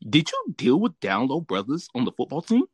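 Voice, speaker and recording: Lively, profane man telling stories. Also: medium pitch, a little fast, husky, no echo. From Southern California. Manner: profane, laughing, animated storyteller. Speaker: podcast host. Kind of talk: casual storytelling chat.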